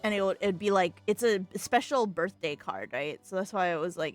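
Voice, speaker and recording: A young woman streaming a game from home on a desk mic, chatting casually in an excitable, emotional way and laughing often. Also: medium pitch, a little fast, soft background music.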